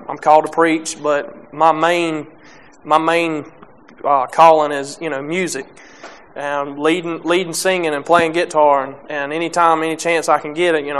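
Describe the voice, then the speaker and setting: A young man preaching a sermon, halting with many restarts and fillers, reading scripture and speaking plainly about faith. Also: a little high, fairly bright tone, clear, resonant tone.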